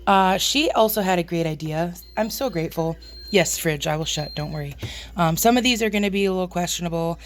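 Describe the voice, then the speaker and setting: Working away in her home kitchen, a woman homestead vlogger chats at a fairly quick clip in a squeaky voice, joking about herself as she goes. A little hiss or hum runs under the recording.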